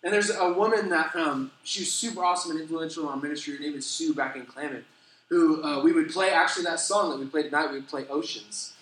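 A middle-aged man preaching a sermon as a pastor, telling stories with animated, self-deprecating humor. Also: fairly high pitch, fast talker, a little hiss or hum. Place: church sanctuary. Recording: echoey church hall.

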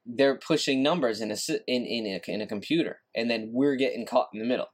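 A man's voice: mid-range voice, fast. A man hosting a solo podcast, ranting in a frustrated, repetitive way and swearing casually. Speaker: podcast host.

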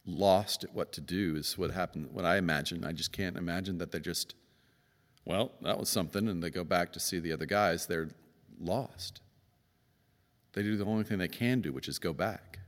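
A man preaching a conversational sermon, telling the story in his own words and acting out the people in it with big swings of voice. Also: moderate pace. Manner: conversational, acts out quoted voices, emphatic swings in pitch. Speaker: pastor. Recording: long reverb of a church hall.

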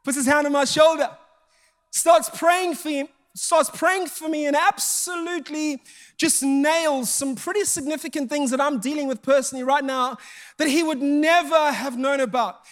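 At a moderate pace and in a very high voice, a man preaches a sermon built around jokey stories. He pokes fun at himself and animatedly acts out the dialogue he quotes.

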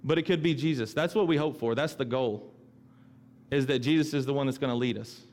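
A man's voice: mid-range voice, brisk, a little mellow. Conversational man preaching a sermon. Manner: conversational, repeats himself, acts out quoted voices. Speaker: pastor.

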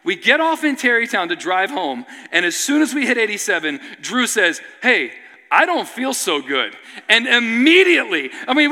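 A man preaching as a pastor, telling a story to his congregation in an animated way that builds to near-shouting excitement, often checking in with a "right?". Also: very high voice. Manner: keeps asking "right?" of the audience. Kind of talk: sermon storytelling. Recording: long reverb of a large hall.

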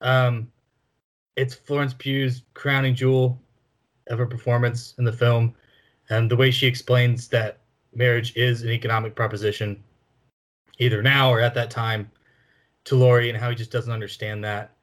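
Laid-back man of middle pitch. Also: level tone, moderate pace, long pauses. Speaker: podcast co-host. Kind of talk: casual film-review chat.

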